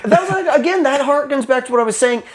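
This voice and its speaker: A man who works as an actor, a guest in a casual movie review chat, enthusiastic and quick to mimic lines. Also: very high voice, lively intonation, a loud crowd.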